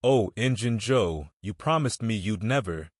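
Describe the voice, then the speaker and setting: A man's voice: fairly low pitch, lively intonation, unhurried, no room sound, clean studio sound. A man voicing a frightened, broken village drifter accused of murder, pleading through sobs in rustic speech.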